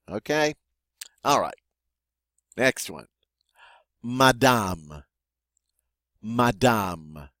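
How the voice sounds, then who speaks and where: A man's voice: fairly low pitch, a bit bright, no echo, studio quality. A man teaching a vocabulary lesson, saying each word twice and then giving its meaning. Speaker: French teacher.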